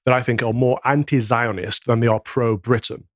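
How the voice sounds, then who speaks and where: A man hosting an interview, chiming in briskly with short agreements and opinions. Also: medium pitch, steady tone, no echo, studio quality. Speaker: interview host. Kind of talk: interview conversation.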